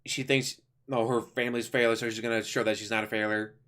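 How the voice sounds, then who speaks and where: A man giving a casual, rambling review of an animated series, enthusiastic, with lots of fillers and restarts. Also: mid-range voice, fast talker. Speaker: YouTuber reviewing an animated show.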